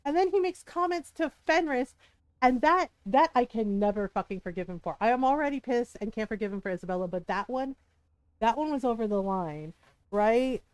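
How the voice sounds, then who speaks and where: A woman's voice: a little high, expressive, a little fast, smooth, no echo. Fired-up swearing woman streamer. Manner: heated, swearing rant with frequent laughs. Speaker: game streamer. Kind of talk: casual livestream chat.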